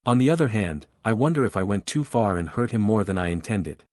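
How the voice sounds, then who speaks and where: A man narrating a forum post aloud in an even, steady reading voice. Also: on the low side, a little fast, dry recording. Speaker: story narrator.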